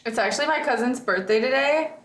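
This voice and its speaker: A woman's voice: high voice, a little fast, fairly bright tone, echoey room. A woman streamer in casual chat with viewers, rambling and reading chat aloud.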